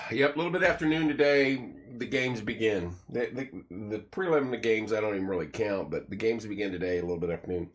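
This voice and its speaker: A man's voice: lowish voice, fast talker. A man hosting a casual morning live stream from a small studio room, greeting viewers by name and reading sponsor plugs in a folksy, joking way.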